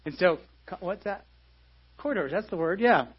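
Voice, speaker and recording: Husky high-voiced guy preaching fast, keeps repeating himself, muffled church audio. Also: animated. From United States. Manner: conversational preaching with many restarts and repeated phrases. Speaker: pastor. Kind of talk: live sermon.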